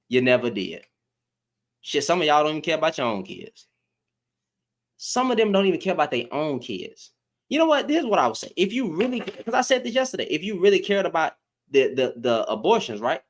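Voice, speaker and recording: A man's voice: on the high side, big pitch swings, fairly quick. A man hosting a live stream, giving heated commentary in an exasperated tone, repeating himself for emphasis and swearing.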